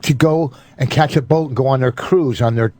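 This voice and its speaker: A man's voice: mid-range voice, fairly quick, darkish tone, dry recording. A man who is a guest comedian on a radio show, telling an exasperated story in casual banter.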